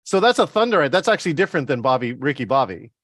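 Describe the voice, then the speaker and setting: A man in casual conversation, excitable and tripping over his words. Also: medium pitch, very fast, dry recording, studio quality. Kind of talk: casual chat.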